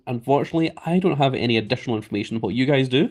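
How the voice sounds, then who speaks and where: A man's voice: medium pitch, animated, quick pace. A Scottish man live streaming in a casual way, reading viewer comments aloud and chatting back. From Scotland.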